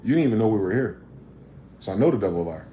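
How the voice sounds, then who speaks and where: A man's voice: on the low side, lively intonation, very fast, roomy sound, lo-fi sound, slight background noise. A man, hosting a livestream and ranting profanely, firing off combative rhetorical questions. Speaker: livestream host.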